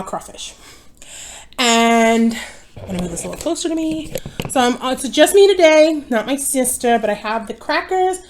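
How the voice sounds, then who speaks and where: A young woman with a slightly high voice chats casually at home while she eats, as a mukbang vlogger. She sounds worn out, rambling, getting easily distracted, losing her thread, and correcting herself.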